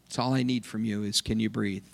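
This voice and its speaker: A man voicing a gentle divine spirit speaking softly and calmly, in a church with long reverb. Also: on the low side, a little fast, creaky, pitched below the performer's own voice.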